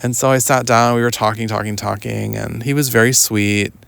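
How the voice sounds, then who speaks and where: A young adult podcast host telling a long personal story outdoors in a rambling, casual way, full of "like" and "um". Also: male voice, medium pitch, steady tone, fairly quick, vocal fry, a bit bright, no echo. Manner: rambling, lots of "like" and "um", mimics others in quotes. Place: outdoors walking in the woods.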